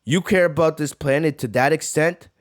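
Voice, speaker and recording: A man voicing a calm, stern male martial arts hero from a comic, reading his lines in a lowered, cool tone. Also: normal speed, no room sound, clean studio sound, lightly acted.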